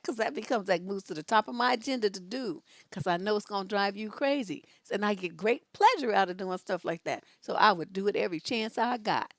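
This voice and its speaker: A woman's voice: mid-range voice, gravelly, dry recording. Blunt, sassy woman advice host. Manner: blunt, animated and sassy, with emphatic repetition. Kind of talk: live-stream advice talk, reading viewer questions.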